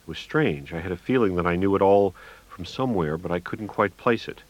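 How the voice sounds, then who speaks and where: A man's voice: deep voice, animated, fairly quick. A man narrating an audiobook in a wry, gritty storytelling manner, in a dull, lo-fi recording.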